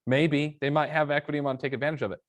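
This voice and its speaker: A man's voice: a little high, level tone, racing, muffled recording. Man telling sales-call stories. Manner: acts out phone calls with quoted dialogue. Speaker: guest, real estate training executive. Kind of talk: conversational interview, storytelling with examples.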